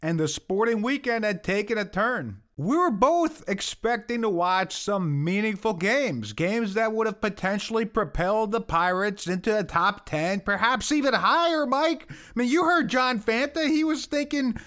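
A man's voice: sits high, animated, moderate pace, few pauses, fairly bright tone. A man co-hosting a sports podcast, commenting in a wry, sarcastic way. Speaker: podcast co-host. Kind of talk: casual sports podcast chat.

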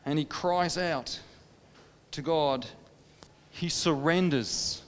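A man preaching a sermon, dramatic, swinging between impassioned pleading and hushed, quiet stretches. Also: on the high side, slow, smooth. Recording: long reverb of a large hall.

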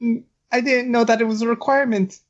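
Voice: mid-range voice, steady tone, fast, natural voice. A player voicing a male adventurer who asks for help in a stammering, hesitant way. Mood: unsure. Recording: dull, lo-fi mic.

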